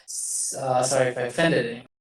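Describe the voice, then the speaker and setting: His voice is medium in pitch, fairly even, and brisk, heard through a rough recording. He's a commentator on farming trends, rambling casually with a shared screen, making self-deprecating quips and restarting his sentences again and again.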